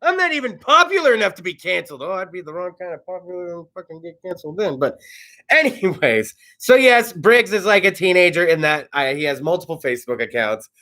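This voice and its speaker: A man's voice: high-pitched, big pitch swings, brisk, bright, forceful tone. A man in his thirties from California hosting a casual talk show, rambling and profane. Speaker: host. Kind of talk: casual monologue. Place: studio.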